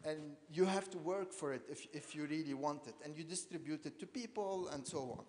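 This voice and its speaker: This storytelling talk comes from a Lebanese artist who hesitates, repeats words and uses many fillers. He sounds slightly high and darkish in tone, talking a little fast, and the recording carries a long hall reverb.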